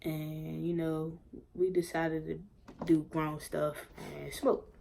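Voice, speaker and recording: A young woman casually telling a personal story, animated and full of swearing, acting out what others said. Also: low voice, slow, vocal fry. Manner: animated, swearing, acts out quotes. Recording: faint background noise.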